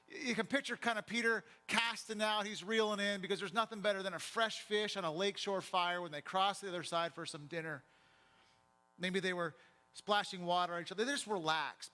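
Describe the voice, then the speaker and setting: A pastor preaching a sermon in church, telling a story in a vivid, conversational way. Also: male voice, high-pitched, pushed and bright.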